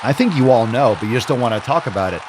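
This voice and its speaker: A man's voice: mid-range voice, fast, crowd noise, background noise. A man hosting a fitness vlog, joking and swearing in casual talk. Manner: profane, joking, animated. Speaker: fitness podcast host.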